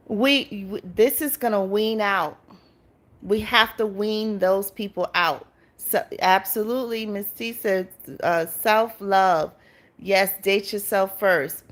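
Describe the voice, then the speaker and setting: Slow-talking woman chatting on a livestream. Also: mid-range voice. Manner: chatty, laughs often, talks back to viewers' comments. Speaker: livestream host. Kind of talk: casual livestream chat with viewers.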